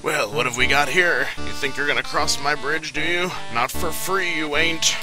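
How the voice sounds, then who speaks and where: A hulking, bullying bridge troll, as a man puts him on, talking in a loud, raised, taunting Southern drawl. He speaks a bit higher than the man's own voice, and game music plays clearly behind him in this video game let's play. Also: moderate pace, natural voice, rough recording.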